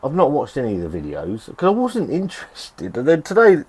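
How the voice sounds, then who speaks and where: A man's voice: mid-range voice, wildly swooping pitch, brisk, a little mellow, slightly rough. Brief: middle-aged male vlogger, sweary and rambling, voice swinging up and down. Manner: sweary, grumbling, rambling with restarts. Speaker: beer reviewer. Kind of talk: casual vlog review. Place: home shed.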